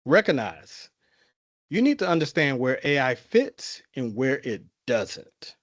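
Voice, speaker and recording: Lively Southern-accented man presenting. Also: mid-range voice, slow, no echo. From the Carolinas. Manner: folksy, repetitive, informal grammar. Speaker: guest speaker. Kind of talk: conversational presentation.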